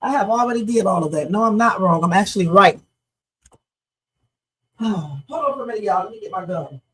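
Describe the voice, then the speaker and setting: A woman's voice: mid-range voice, animated, normal speed, slightly rough, rough recording. A middle-aged woman hosting a reaction livestream, giving blunt, emphatic commentary straight to her chat.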